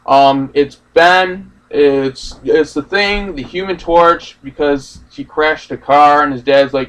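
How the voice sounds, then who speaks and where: A man's voice: on the high side, takes it slowly, few pauses, fairly bright tone. Ranting young man, slightly distant mic. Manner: ranting, profane, rambling. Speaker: movie reaction host. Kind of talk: casual ranting movie discussion.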